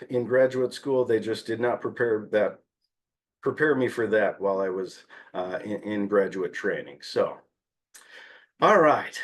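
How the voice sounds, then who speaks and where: A man presenting a training session on behavior analysis, talking conversationally with hesitant fillers and light humor. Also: medium pitch.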